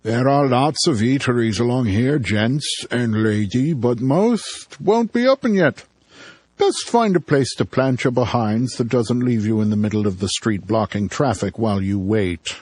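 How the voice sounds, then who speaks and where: A man's voice: mid-range voice, darkish tone, slightly rough, dry recording, pitched above the performer's own voice. A man doing a bullying small-town cop. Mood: menacing. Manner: menacing, slow and overbearing.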